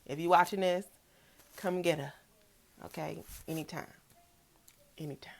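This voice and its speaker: A woman's voice: lowish voice, fairly even intonation, unhurried, vocal fry, background noise. A young woman, talking candidly and emotionally in a personal vlog, swearing freely and repeating herself. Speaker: vlogger.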